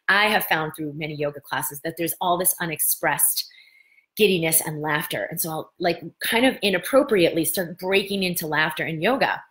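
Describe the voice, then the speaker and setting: A middle-aged woman hosting a casual live-stream talk, telling stories with lively gestures of voice and bursts of laughter. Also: fairly low pitch, normal speed. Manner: animated storytelling, breaks into laughter. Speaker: host.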